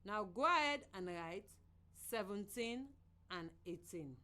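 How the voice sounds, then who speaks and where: A woman from Sierra Leone teaching a children's reading lesson on the radio in a slow, clear, sing-song voice. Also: mid-range voice, expressive, bright, forceful tone.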